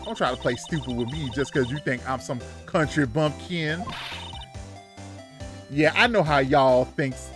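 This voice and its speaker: A man voicing a brash Southern country woman photographer with an American Southern accent and a loud, feisty drawl. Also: medium pitch, measured pace, music in the background, lightly acted.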